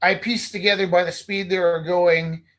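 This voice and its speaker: A man from Canada telling a story in casual chat, animated, acting out the quotes loudly. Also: sits high, normal speed. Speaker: host.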